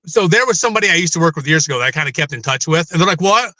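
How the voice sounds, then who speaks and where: A man's voice: fairly high pitch, lively intonation, very fast, bright, forceful tone, no echo. A middle-aged man speaking as a guest in a candid interview, rambling, emotional and swearing freely.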